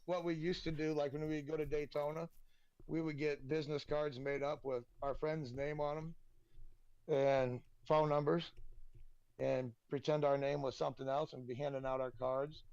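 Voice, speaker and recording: A man, a podcast guest telling casual, animated stories and swearing freely. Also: fairly high pitch, moderate pace, no echo, highs cut off. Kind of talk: casual storytelling.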